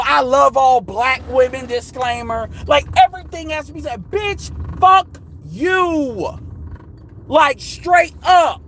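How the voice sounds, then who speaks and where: A man's voice: extremely high pitch, fairly bright tone, poor audio. A man talking straight to viewers in a blunt, profane, heated rant, sometimes mimicking other people in quoted asides. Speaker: vlogger. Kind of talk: ranting monologue to viewers.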